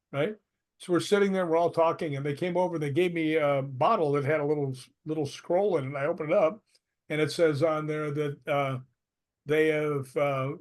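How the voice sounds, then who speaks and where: A man being interviewed as a guest, telling anecdotes in a chatty way and laughing often. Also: fairly high pitch. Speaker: paranormal investigator guest. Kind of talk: casual interview storytelling.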